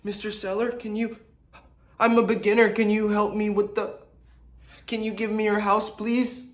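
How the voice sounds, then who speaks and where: A man's voice: level tone, normal speed, lightly acted. A man mocking a needy, whiny beginner caller. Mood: pleading. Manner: whiny, begging, high-pitched. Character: needy, pleading beginner wholesaler on a call. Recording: echoey room.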